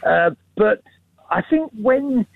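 A man's voice: high voice, expressive, slow pace, creaky. A man calling into a radio phone-in, talking in a theatrical, sardonic way over a phone line. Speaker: caller.

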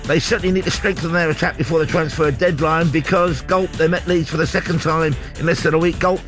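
A man's voice: on the high side, fairly even intonation, brisk, fairly bright tone. A man hosting a morning sports radio show, introducing a reporter in a playful, teasing way. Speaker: radio host. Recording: music bed under the voice.

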